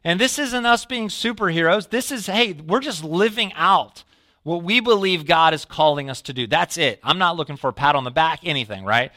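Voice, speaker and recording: A man giving a sermon in a relaxed storytelling way, his voice bright and forward. He sometimes sinks low and soft to act out his own reactions. The sound is close and dry, with no room echo. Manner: storytelling, drops to a low quiet voice when quoting himself. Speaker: pastor.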